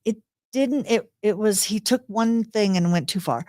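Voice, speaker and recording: A woman's voice: mid-range voice, moderate pace, dark tone, no echo. A woman co-hosting a podcast in casual chat, talking in bursts with frequent laughs and restarts. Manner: chatty, laughs often, restarts sentences. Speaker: podcast co-host.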